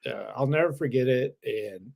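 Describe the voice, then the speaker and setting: A man co-hosting a betting podcast, telling an animated story in casual chat, swearing now and then and laughing. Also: mid-range voice, normal speed, gravelly. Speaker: co-host.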